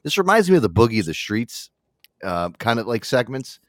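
A man's voice: mid-range voice, very animated, a little fast, no echo, clean studio sound. A man hosting a casual podcast, talking loosely, laughing often and swearing freely. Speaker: podcast host.

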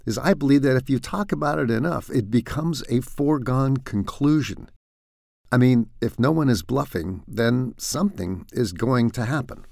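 A man's voice: medium pitch, vocal fry, dry recording. A man delivering satirical news commentary in a dry, sardonic way, full of wry asides. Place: home in France.

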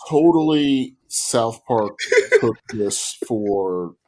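A man's voice: mid-range voice, lively intonation, drawn-out words, low-quality recording. A man co-hosting a podcast, adding wry comments during a movie recap. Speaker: podcast co-host. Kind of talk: casual movie recap chat.

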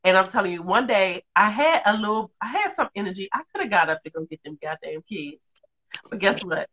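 A woman's voice: mid-range voice, fairly quick. A woman in her thirties chatting casually, telling profane stories with lots of laughter. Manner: animated, laughing, profane storytelling. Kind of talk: casual chat. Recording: dull lo-fi sound.

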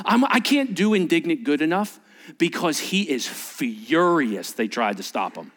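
A male pastor preaching a sermon, acting out dialogue and swinging between loud bursts and hushed near-whispers. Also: fairly high pitch, big pitch swings, normal speed.

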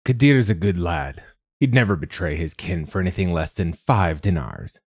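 A man's voice: deep voice, animated, normal speed, darkish tone, slightly rough, no room sound, studio quality, full character voice. A man reading the part of a plump gang boss who speaks with mocking, practiced menace.

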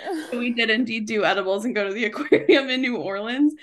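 A woman in her thirties co-hosts a podcast, chatting casually in a fast, high-ish voice with a crowd audible behind her. She swears freely and laughs often.

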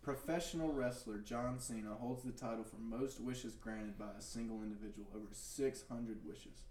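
A young man telling an animated story and acting out quotes in casual podcast chat. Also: mid-range voice, normal speed, echoey room, recorded from a distance. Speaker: podcast co-host. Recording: loud crowd noise behind.

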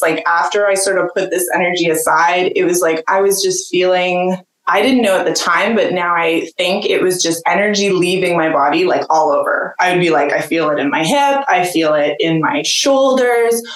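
A woman's voice: fairly low pitch, moderate pace. A woman guest telling a personal story in a casual, chatty way, full of "like" fillers and frequent laughter. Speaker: podcast guest, jeweler. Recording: roomy echo.

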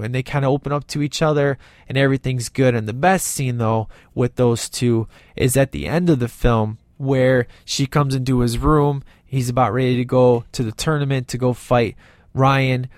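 A man's voice: medium pitch, moderate pace, dry recording, clean studio sound. A man casually reviewing a movie with enthusiasm, retelling scenes and acting out the characters' lines as he goes.

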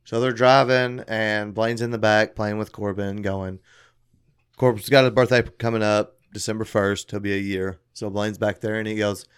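A man chatting casually with friends on a podcast, laughing loudly and often and swearing freely as he tells a family story. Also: fairly low pitch, little pitch movement, normal speed, clean tone. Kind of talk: casual chat among friends.

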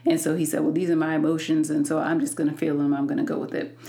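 A woman hosting a podcast and telling a personal story in an unhurried way, with many fillers and restarts. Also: low-pitched, flat delivery, mellow. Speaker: podcast host.

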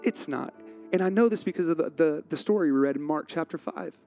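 Man, pastor, conversational sermon, animated delivery, slightly high voice, faint background music. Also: a little fast, gravelly. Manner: conversational, animated preaching with acted-out quotes.

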